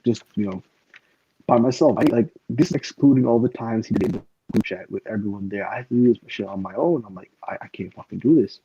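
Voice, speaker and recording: A man's voice: fairly low pitch, fast talker, background noise. A man hosting a casual podcast chat, rambling and swearing freely, with plenty of fillers. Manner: rambling and profane, stacked with fillers. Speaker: podcast host. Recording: dull lo-fi recording.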